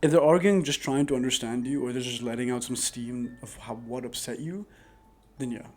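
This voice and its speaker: A man talks to his viewers about handling arguments. His tone is warm and relaxed, and he speaks in an earnest, rambling way with plenty of "like" fillers. It sounds like a casual advice vlog recorded on a microphone. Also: medium pitch, a little fast. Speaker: advice vlogger. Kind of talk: casual advice monologue to camera. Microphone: new dedicated microphone.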